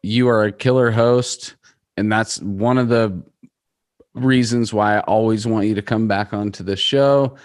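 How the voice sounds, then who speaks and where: A man's voice: on the low side, fairly even intonation, unhurried, no room sound, clean studio sound. A man hosting a podcast in casual chat, laid-back and swearing freely, saying "dude" a lot. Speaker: podcast host.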